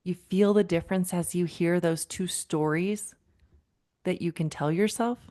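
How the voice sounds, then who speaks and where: This is a warm, measured voice, lowish in pitch, belonging to a woman in her thirties. She hosts a parenting podcast as a counselor, chatting directly to her audience, addressing each listener as "friend" and recounting talks with clients.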